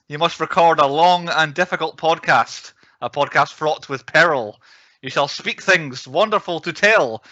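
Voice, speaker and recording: A man voicing a solemn old-timey Southern prophet with a slow, grand drawl. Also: on the high side, sharp tone, no echo, heavily acted. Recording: dull, dry recording.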